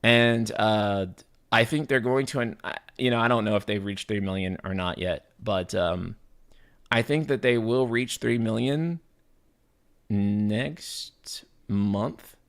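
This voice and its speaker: A man's voice: lowish voice, takes it slowly. A man live streaming, chatting casually with his viewers, rambling and often restarting his sentences. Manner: casual, swears, talks to chat.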